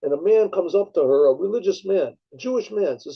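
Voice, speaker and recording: Gravelly-voiced rabbi telling a story. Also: male voice, high voice, animated, a little fast, few pauses. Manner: rambling, with many restarts and throat-clearing. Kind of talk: storytelling talk. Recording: dull lo-fi recording.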